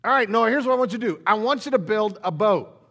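A man's voice: sits high, lively intonation, quick pace, a bit bright, full character voice. A man voicing God as a grieved, heartbroken speaker who talks casually and stammers a little. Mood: explaining.

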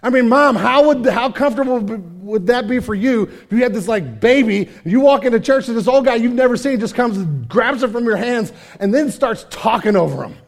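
A man preaching a casual, energetic sermon, full of slang and asides, sometimes dropping to a hushed tone. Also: very high voice, fairly quick, few pauses. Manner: drops to hushed intimate tone. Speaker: pastor.

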